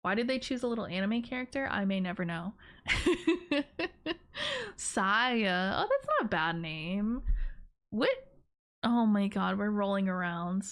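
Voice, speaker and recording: A woman's voice: medium pitch, big pitch swings, unhurried, pauses often, fairly bright tone. A woman streaming live, chatting casually with her viewers in a rambling, giggly, playful way. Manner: playful teasing of her chat.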